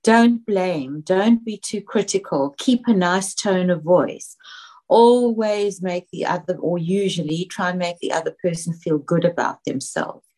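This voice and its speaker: A woman's voice: on the low side, measured pace, a little mellow. A woman hosting an interview, asking thoughtful, probing questions in a tentative, self-aware way. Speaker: interview host. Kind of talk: conversational interview.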